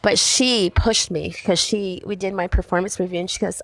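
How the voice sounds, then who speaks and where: A middle-aged woman from Canada, a podcast guest sharing a personal faith story in animated conversation. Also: mid-range voice, moderate pace, hardly any pauses. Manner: animated storytelling, acting out voices in quotes.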